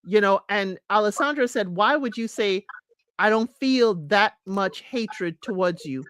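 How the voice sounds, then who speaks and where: A woman giving a chatty, animated recap of a reality show, talking straight to her viewers. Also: medium pitch, a little slow, clean tone, no echo. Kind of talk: casual recap commentary.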